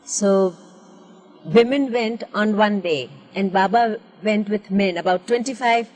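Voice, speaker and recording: An older woman tells stories at an unhurried, deliberate pace, with a devout, reflective manner. Her voice carries a long reverb, as in an old 1970s filmed interview. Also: medium pitch, darkish tone. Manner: slow, storytelling, devout. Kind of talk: recollecting in an interview.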